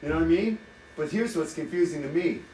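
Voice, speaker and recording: Speaking fast in a fairly high voice, this man banters teasingly in a hotel room, cursing often and staying animated. He's a vlogger recorded from afar in an echoey space, with a little background noise present.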